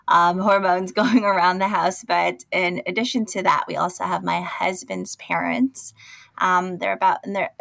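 A woman's voice: on the low side, gravelly, a bit bright, no echo, studio quality. A woman in her forties, a teacher, chatting as a radio guest, using fillers and laughing lightly. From United States. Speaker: interview guest, schoolteacher. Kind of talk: remote radio interview.

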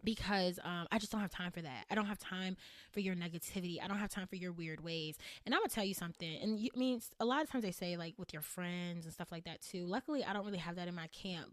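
A woman's voice: lowish voice, no room sound. Blunt, emphatic woman podcast host. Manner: blunt and emphatic, repeats phrases for punch, casual swearing. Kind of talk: candid solo podcast monologue.

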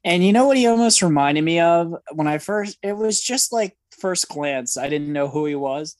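A man co-hosting a podcast in relaxed, casual chat, easygoing and often chuckling. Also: a little high, moderate pace, dry recording, clean studio sound. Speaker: podcast co-host.

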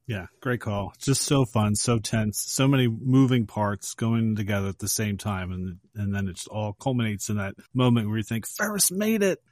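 A man with a fairly low voice hosts a film podcast. He is upbeat and retells moments with energy. The sound is dry and close. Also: steady tone, moderate pace, few pauses, a little mellow, dry recording. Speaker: podcast host. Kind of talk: casual podcast film discussion.

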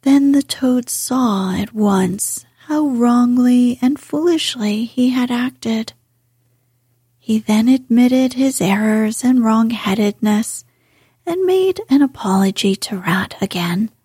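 A woman reading a classic storybook aloud in a soft, whispered manner. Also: fairly high pitch, lively intonation, dry recording, clean studio sound. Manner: soft, breathy and slow.

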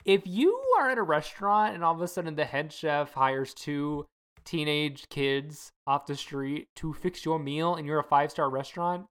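A woman with a low voice co-hosts a podcast. She chats casually, with a jokey, wry edge. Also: moderate pace, clean tone. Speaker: podcast co-host. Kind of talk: casual chat.

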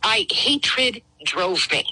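A woman's voice: mid-range voice, big pitch swings, drawn-out words, bright, forceful tone, a little hiss or hum, low-quality recording. A middle-aged woman calling in to tell her personal story, emotional and rambling, acting out things she once said. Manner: emotional, rambling, acts out her own past words. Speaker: guest caller. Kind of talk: personal testimony.

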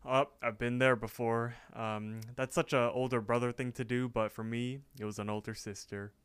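A man's voice: mid-range voice, little pitch movement, moderate pace, clear, resonant tone, dry recording. A young man co-hosting a podcast from his apartment, easygoing and chuckling as he recaps a cartoon. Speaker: podcast co-host. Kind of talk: casual chat recapping a cartoon episode.

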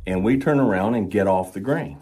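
A man who teaches about horses, talking in a folksy, storytelling way and slowing down to stress his points. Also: fairly low pitch, expressive, warm tone, husky. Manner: folksy, storytelling with slow emphasized pauses. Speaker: horse trainer and instructor. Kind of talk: relaxed explanatory talk.

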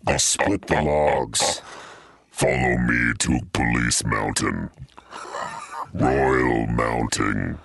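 A deep, growling Mountie, as a man puts him on, all bluster and swagger. The voice sits extremely low and gravelly, with a husky edge, and it drags slowly through its boasts. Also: steady tone, fairly bright tone, dry recording, full character voice. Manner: blustering improvised comic bits. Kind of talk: comic improvised character voice.

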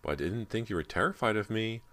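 A man with a very deep voice voicing a pushy, joking teenage girl in an audiobook. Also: quick pace, a bit bright. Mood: teasing. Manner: complaining, teasing.

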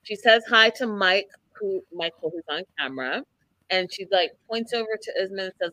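Her mid-range voice moves at a moderate pace, and the recording is dry. This woman hosts an informal chat where she recaps a reality show with enthusiasm, playing out people's quotes with plenty of emphasis.

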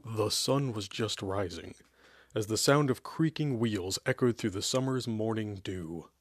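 A man hosting a show and reading an old, absurd amateur story aloud in a deadpan, measured way. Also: fairly low pitch, dry recording. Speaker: host and story reader. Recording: dry close sound.

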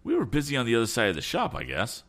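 An eager young inventor with a brisk, raised, youthful voice that swings widely in a storybook as a man reads him out. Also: medium pitch, wildly swooping pitch, fairly bright tone, pitched above the performer's own voice.

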